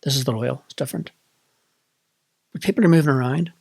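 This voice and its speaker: Husky Northern Irish man telling his story. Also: mid-range voice, fairly quick, darkish tone, no room sound. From Northern Ireland. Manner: reflective, candid, emotional. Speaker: vlogger. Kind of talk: personal storytelling monologue.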